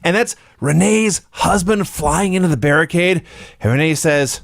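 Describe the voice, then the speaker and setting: A man's voice: a little high, moderate pace, creaky, no room sound, clean studio sound. A man co-hosting a casual podcast, scornfully picking apart a wrestling show and mocking its lines. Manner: scornful, mocks lines in loud put-on shouts. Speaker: podcast co-host. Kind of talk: casual profane wrestling review chat.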